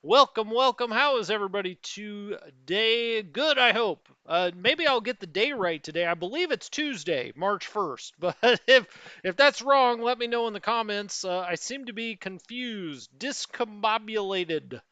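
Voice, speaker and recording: A middle-aged man hosts a let's play of a strategy game, greeting viewers and rambling casually with plenty of fillers. His voice sits high and sounds animated, sharp and smooth at a normal speed, in a dry, slightly dull lo-fi recording with no echo.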